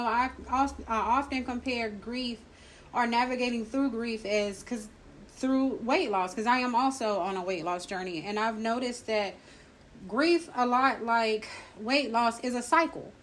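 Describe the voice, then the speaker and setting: A woman's voice: on the high side, a little hiss or hum, poor audio. A woman hosting a faith-based grief podcast, talking reflectively and drawing on her own life. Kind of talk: supportive faith-based counseling talk.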